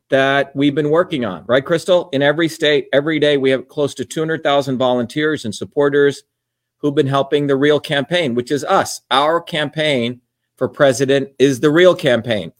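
A man's voice: fairly high pitch, normal speed. An older man from India hosting a podcast, ranting in a combative, repetitive way. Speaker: podcast host and candidate. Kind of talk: casual political monologue.

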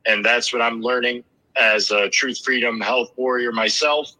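Bright-voiced enthusiastic man. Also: medium pitch, steady tone, normal speed, low-quality recording. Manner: enthusiastic, rambling with fillers. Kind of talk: rally speech.

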